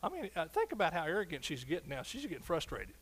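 A middle-aged man preaching a sermon as pastor, animated, swinging between soft asides and loud exclamations. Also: on the high side, fast, husky.

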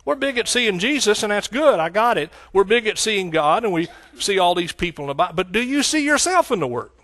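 His sermon swings from loud eruptions to whispered asides, punctuated by exclamations of hallelujah. The preacher is a middle-aged man with a Texan accent, a high voice, very animated delivery, and a brisk pace.

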